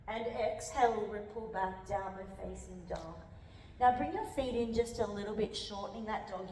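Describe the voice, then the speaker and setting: A woman leading a power yoga class, calmly cueing breaths and counting down holds while slightly out of breath as she moves along. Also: medium pitch, distant mic. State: a little out of breath. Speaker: yoga instructor. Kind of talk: guided yoga class cues. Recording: echoey hall from off-mic.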